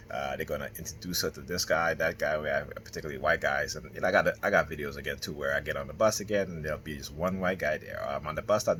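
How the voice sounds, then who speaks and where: Very deep-voiced man rambling to camera. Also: a bit bright, slight background noise. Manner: rambling, with constant "right?" and "okay?" tags. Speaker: vlogger. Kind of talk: casual monologue to camera.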